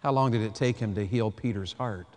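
A man, preaching a sermon, swinging from hushed to loud. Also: lowish voice, brisk. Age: 50s. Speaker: pastor. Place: large church hall. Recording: long hall reverb.

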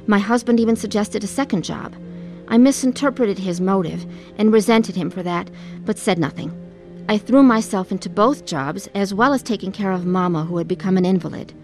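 A woman's voice: medium pitch, darkish tone, natural voice. An actress playing a middle-aged wife who narrates her own story in a radio drama, earnest and heavy with pain. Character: weary wife recalling her troubled past. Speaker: narrator and lead character.

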